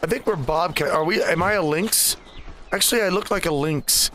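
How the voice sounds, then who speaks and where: A gaming channel host with a fairly high, bright, forceful voice talks at a normal speed, with a little hiss or hum in the recording. He's hosting a let's play over game music, chatting playfully and swearing while speaking in first person as his cat character and tossing in mock meows.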